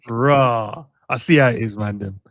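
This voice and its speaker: A man's voice: medium pitch, expressive, takes it slowly, fairly bright tone, dry recording, studio quality. A young man, co-hosting a football chat, joking around and reading out viewer messages. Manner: slangy, joking, reads out viewer comments. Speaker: co-host. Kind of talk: casual chat.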